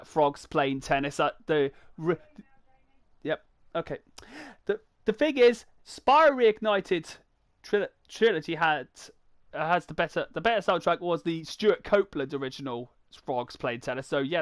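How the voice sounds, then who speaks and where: A young British man streams a racing game, chatting to viewers in a rambling, stop-start way as live gameplay commentary. His voice sits on the high side with no echo, while loud racing game music plays under it.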